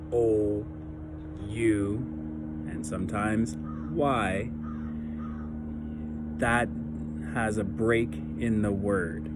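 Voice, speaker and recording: A man's voice: on the low side, background noise. A male teacher giving a recorded lesson to young children, speaking patiently with many ums and uhs and a bit of self-deprecating humor.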